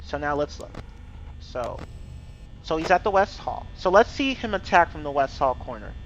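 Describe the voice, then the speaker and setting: A man's voice: on the high side, big pitch swings, moderate pace. A young man casually explaining a video game's mechanics as he plays, cursing when things go wrong. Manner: cursing, exasperated outbursts. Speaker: gameplay streamer. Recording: dull lo-fi mic with faint hiss.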